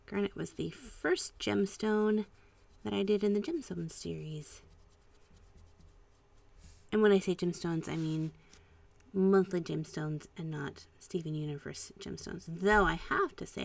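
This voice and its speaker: A woman hosting a casual live stream at home, chatting and musing aloud while she paints, with soft trailing asides. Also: fairly low pitch, lively intonation, measured pace, vocal fry. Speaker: art channel host.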